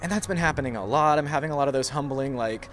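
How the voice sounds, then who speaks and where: A man's voice: medium pitch, quick pace, music in the background. A young man talking casually to camera, musing about himself in a rambling way and laughing at his own habits. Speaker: vlogger. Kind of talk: casual reflective monologue.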